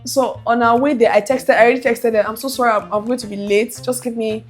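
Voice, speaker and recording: A woman's voice: on the high side, fast talker, faint music behind. A young woman animatedly telling a personal story to her viewers, acting out the other voices. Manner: animated, acts out quoted voices. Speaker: vlogger. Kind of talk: casual storytelling.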